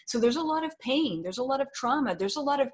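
A woman's voice: high voice, lively intonation, fast talker. A woman guest in an interview, talking in an earnest, flowing way with many fillers. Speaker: spiritual guest. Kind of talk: spiritual interview talk.

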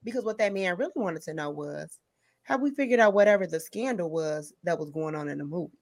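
This podcast host has a lowish female voice and talks a little fast. Her storytelling is lively and conversational, and she laughs frequently throughout.

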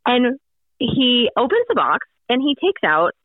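A woman's voice: a little high, sing-song, unhurried, no room sound. Woman telling a story over a tinny phone line. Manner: rambling, lots of fillers and restarts. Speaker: radio host, guest. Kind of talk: casual storytelling on a call. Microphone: phone call.

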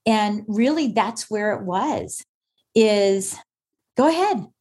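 A woman's voice: mid-range voice, animated, slow, a little mellow, slightly rough. A woman guest on an interview podcast, speaking with forthright, emphatic conviction as she tells her own story. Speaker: guest, author. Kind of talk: conversational interview.

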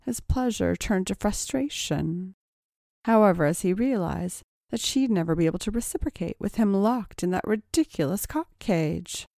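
A woman narrating an erotic audio story in a slow, sultry reading. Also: medium pitch, animated, gravelly, darkish tone, dry recording, studio quality.

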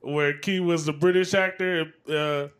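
A man's voice: fairly high pitch, fairly even intonation, moderate pace, fairly bright tone. A man co-hosting a casual podcast chat, laid-back and agreeable. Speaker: podcast co-host.

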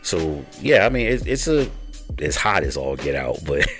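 With faint music in the background, a middle-aged Baltimore man hosts a podcast in a bass voice that's sing-song and a bit bright, at a moderate pace. His mild Baltimore accent carries laid-back chat, and he tends to repeat himself.

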